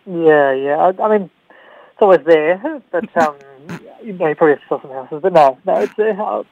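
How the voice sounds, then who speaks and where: A comedian on a radio interview, his voice sitting a bit high for a man. He talks in a relaxed, self-mocking way, often breaking into laughter. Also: moderate pace, muffled recording. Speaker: comedian guest.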